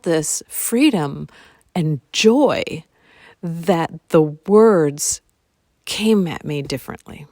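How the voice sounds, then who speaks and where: A woman with a low, slightly mellow voice hosts her own solo podcast, thinking aloud at a slow pace with lively intonation. She repeats phrases and sometimes drops into a whisper. The studio sound is clean, with no room sound.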